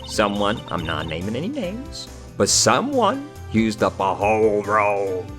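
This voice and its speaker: A man's voice: fairly low pitch, wildly swooping pitch, unhurried, over music. A man putting on a brash Southern-drawling woman. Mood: scolding. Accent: attempted Southern US drawl. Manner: brash, scolding.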